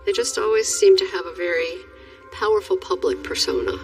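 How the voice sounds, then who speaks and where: A woman's voice: on the low side, animated, brisk, far from the mic, faint music behind, rough recording. A woman interviewed about a friend, speaking thoughtfully in a reflective interview.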